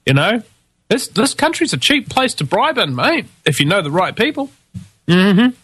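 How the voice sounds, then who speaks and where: Male New Zealander, political commentator, bright and tense voice, dry close sound, angry sarcastic monologue. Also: high-pitched, big pitch swings, normal speed, husky, no echo. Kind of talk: ranting monologue.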